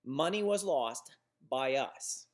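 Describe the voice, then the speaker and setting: A man's voice: medium pitch, expressive, slow pace. A male instructor giving a recorded lecture on business writing. He explains examples plainly, with restarts and fillers.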